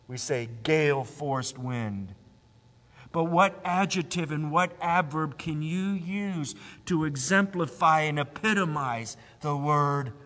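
A man preaching a sermon, emphatic, rising to loud cries and sinking to a low hush. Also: takes it slowly, big-room sound.

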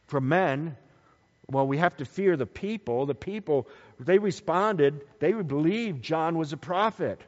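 A man preaching a Bible teaching sermon, animated, swinging between loud emphasis and quiet low asides. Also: a little slow. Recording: dull sound with long hall reverb.

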